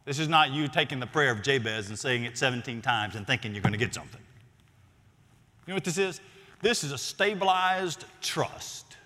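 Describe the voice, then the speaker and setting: A man preaching a sermon as a pastor, swinging between loud emphatic lines and near-whispered ones. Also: mid-range voice, lively intonation, moderate pace, big-room sound.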